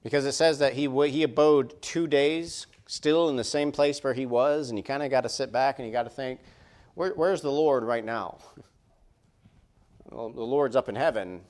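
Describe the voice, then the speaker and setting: A man's voice: mid-range voice, fairly even intonation, brisk, few pauses, darkish tone. A man preaching a sermon in a church, conversational and repetitive, full of rhetorical questions. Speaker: pastor. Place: church sanctuary.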